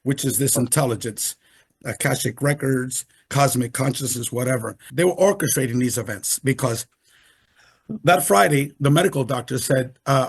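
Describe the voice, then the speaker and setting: A man's voice: mid-range voice, creaky, slightly rough. An older man, a retired professional, recounting his experiences as an interview guest on a video call, emphatic and repeating himself often. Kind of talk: animated storytelling in conversation.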